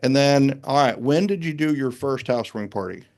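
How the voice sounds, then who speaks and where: A man's voice: mid-range voice, a little fast, gravelly. Upbeat male podcast host. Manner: energetic, hypes up the guest. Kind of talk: casual interview chat.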